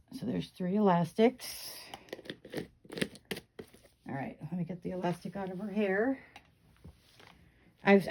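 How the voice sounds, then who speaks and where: Mellow-voiced woman chatting through a tutorial. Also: medium pitch. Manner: chatty, instructive, repeats steps with "okay". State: hiccups. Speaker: reborn doll hair tutorial host. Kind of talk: casual step-by-step tutorial.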